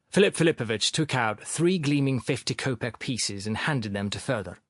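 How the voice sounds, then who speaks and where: Male narrator, audiobook reading, lively intonation, dry close sound. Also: medium pitch, moderate pace, hardly any pauses, no room sound. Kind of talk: scripted narration.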